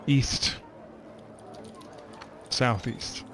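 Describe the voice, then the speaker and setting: A man's voice: drawn-out words, sharp tone, a little hiss or hum. A man doing a weary wounded fisherman. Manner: tired, sighing, clipped.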